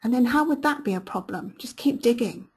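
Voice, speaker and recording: A woman's voice: a little high, expressive, a little mellow, slightly rough. A woman business coach hosting a live webinar, upbeat and encouraging, who repeats her key questions to coax listeners into action. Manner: upbeat and encouraging, quick praise words. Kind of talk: live webinar talk, reading out listener comments.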